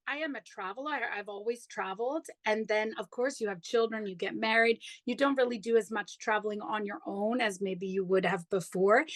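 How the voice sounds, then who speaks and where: A woman with a fairly high voice tells her own story as a podcast guest. She talks in a chatty, enthusiastic way and often says "like" and "you know". Her voice sounds dry and close, with little room sound. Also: no room sound, low-quality recording. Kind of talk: personal storytelling in conversation.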